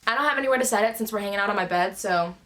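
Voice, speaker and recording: A woman YouTuber chatting excitedly in a casual vlog while eating on her bed at home. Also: mid-range voice, rapid-fire.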